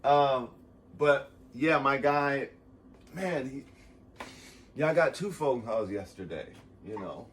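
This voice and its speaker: A man vlogging a casual motivational monologue, rambling and swearing, swinging from loud bursts to soft asides as he gets emotional and close to tears. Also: medium pitch, expressive, slow pace, long pauses, slight background noise.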